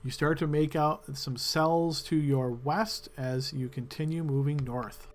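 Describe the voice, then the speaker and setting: A man's voice: fairly high pitch, steady tone, measured pace, faint music behind. A man narrating a tabletop game as game master, describing loosely with many fillers.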